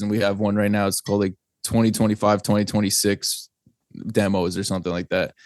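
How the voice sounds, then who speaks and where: A man's voice: lowish voice, darkish tone, dry recording, clean studio sound. A young man from New Jersey, a guest, chatting casually on a podcast in a laid-back, rambling way and swearing freely. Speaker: guest, band singer.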